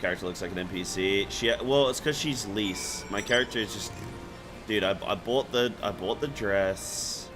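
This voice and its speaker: A man's voice: on the low side, moderate pace, over music. A man streaming a video game, chatting casually with viewers in a laid-back, joking way.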